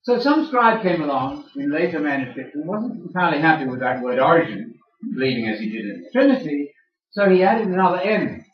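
A man's voice: on the high side, very animated, brisk. An older man giving a sermon-style lecture, teasing his audience with questions. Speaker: speaker addressing a church audience. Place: large room with an audience. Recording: echoey room, far from mic, dull sound.

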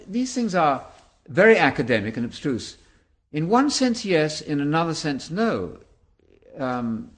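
A man in his seventies, a Bible teacher answering interview questions in an emphatic, preacher-like way. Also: medium pitch. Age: 70s. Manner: animated, emphatic preacher-like delivery.

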